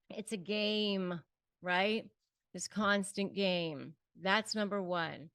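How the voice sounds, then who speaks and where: A woman's voice: mid-range voice, takes it slowly, fairly bright tone, smooth, no room sound, studio quality. A woman hosting an advice talk, speaking emphatically and repeating points to rally the viewer. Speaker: host and self-help coach on narcissistic abuse. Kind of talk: direct-to-camera advice talk.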